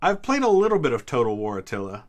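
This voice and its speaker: A man's voice: medium pitch, wildly swooping pitch, fast. A man in his thirties from the US Midwest, hosting a casual live-stream trivia chat and answering viewers' questions with small hesitations. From Ohio, US Midwest. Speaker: history channel host.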